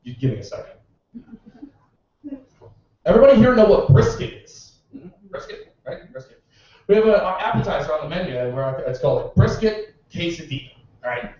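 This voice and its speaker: Sarcastic bartender comic, high voice, echoey bar. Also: male voice, very animated, fairly quick, pauses often, a little mellow. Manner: sarcastic storytelling with profanity. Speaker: stand-up comedian, bartender. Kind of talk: stand-up comedy set. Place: small bar at an open-mic comedy night. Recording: echoey bar room, distant dull mic.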